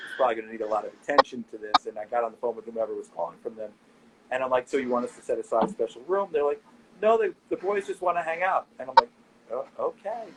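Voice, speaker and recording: A middle-aged man in a casual interview, telling animated anecdotes and quoting people as he goes. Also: medium pitch, a little hiss or hum, rough recording. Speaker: nightlife owner and guest.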